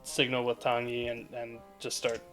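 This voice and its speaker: A man narrating as game master of a tabletop game, pausing often with ums and restarts. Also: mid-range voice, completely flat delivery, a bit bright, soft background music. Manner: hesitant, many ums and restarts.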